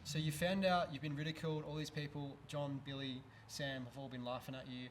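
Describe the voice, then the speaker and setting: A man's voice: mid-range voice, level tone, brisk. Aussie guy on a podcast, stumbling a bit, slight hiss behind. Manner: hesitant, restarts often. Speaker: podcast guest. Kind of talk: casual chat.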